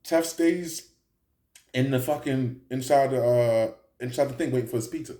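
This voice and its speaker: A young man telling a story in a casual, animated way, full of slang and profanity, often checking in with "right?". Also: medium pitch, normal speed. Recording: roomy echo.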